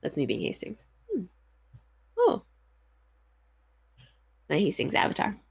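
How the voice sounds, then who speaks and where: A woman's voice: mid-range voice, huge pitch swings, a little slow, creaky, slightly rough. A woman casually chatting and joking while playing a video game, giggly and playful. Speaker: game streamer. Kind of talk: casual chat over gameplay.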